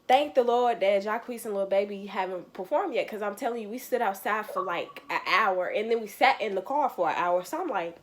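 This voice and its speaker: A young woman, telling a slangy, animated storytime with quoted asides in a casual vlog. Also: mid-range voice, brisk, hardly any pauses, slight background noise. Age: young adult. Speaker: vlogger.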